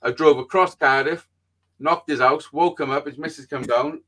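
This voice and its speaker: Guy swearing his way through a story, chatty and animated. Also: fairly high pitch, normal speed. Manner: sweary, animated anecdote-telling. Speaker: podcast host. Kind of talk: casual storytelling chat.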